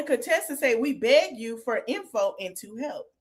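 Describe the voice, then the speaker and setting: Animated woman recapping reality TV. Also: high-pitched, normal speed, husky. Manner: animated, laughs often, mimics cast members' lines. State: getting over a cold, coughing. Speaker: podcast host.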